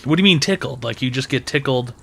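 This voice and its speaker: A man's voice: mid-range voice, animated, fast talker, gravelly, a bit bright, slightly rough. A man hosting a call-in advice show, blunt, mocking and profane in crude comedic banter.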